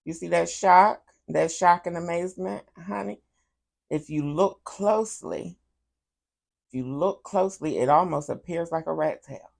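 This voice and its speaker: A woman's voice: fairly low pitch, measured pace, gravelly. A woman hosting a casual livestream, sassy and chatty, repeating her questions to viewers and calling them honey. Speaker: livestream host.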